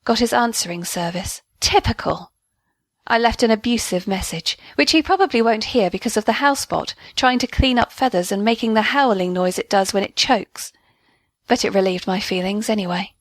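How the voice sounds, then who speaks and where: A woman's voice: mid-range voice, moderate pace, no room sound. Woman narrating a comic diary story. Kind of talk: scripted first-person narration of audio fiction.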